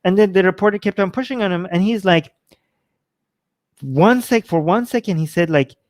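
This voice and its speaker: A man's voice: high-pitched, normal speed, no echo. A man hosting a show, talking casually to his audience in a rambling, conversational way and repeating his points. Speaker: show host. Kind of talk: casual commentary to a live audience.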